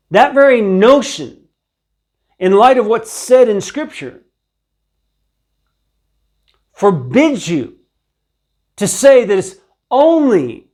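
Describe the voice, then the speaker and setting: A man preaching a stern video sermon on scripture, rebuking listeners in a terse but gentle tone. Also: sits high. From Ukraine.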